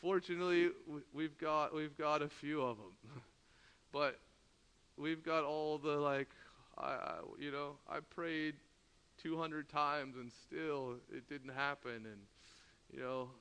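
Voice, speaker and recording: Speaking slowly and smoothly in a fairly high voice, this man delivers a sermon built around a story, laughing often and performing the characters' lines himself. Long reverb from a large hall surrounds his voice.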